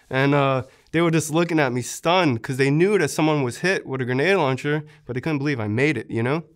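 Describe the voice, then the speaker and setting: A man's voice: medium pitch, fairly quick, smooth. A young man, a war veteran, earnestly recounting how he was wounded, in an interview, with many fillers.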